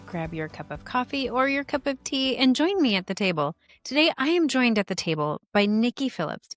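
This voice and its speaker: A woman's voice: medium pitch, very animated, over music. A woman in her thirties hosting a podcast, talking earnestly and with feeling about motherhood and illness. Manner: earnest and emotional, quick bursts. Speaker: podcast host. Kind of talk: conversational podcast talk.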